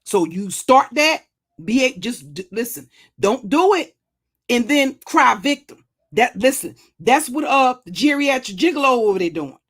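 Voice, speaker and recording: Older woman, pitch a bit high, profane, threatening, restarts and stammers. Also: sing-song, a little slow, breathy edge. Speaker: YouTube commentary channel host. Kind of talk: blunt monologue vlog.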